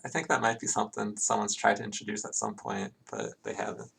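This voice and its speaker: A man's voice: fairly low pitch, sing-song, quick pace, gravelly, fairly bright tone, slight background noise. A man doing live play-by-play commentary on an online game, chatting casually between plays. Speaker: esports commentator.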